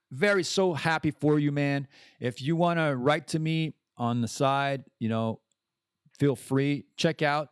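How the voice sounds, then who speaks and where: A man's voice: medium pitch, smooth, dry recording, clean studio sound. A man hosting a podcast, talking candidly and in a rambling way about recovery. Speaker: podcast host. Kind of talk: casual monologue.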